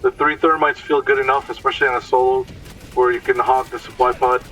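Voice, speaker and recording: Brief: man talking through gameplay tips, mid-pitched, relaxed and explanatory, set back from the mic with faint hum. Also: quick pace, recorded from a distance, low-quality recording. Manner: explanatory, stumbles over words. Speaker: gameplay commentator. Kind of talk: casual gameplay commentary.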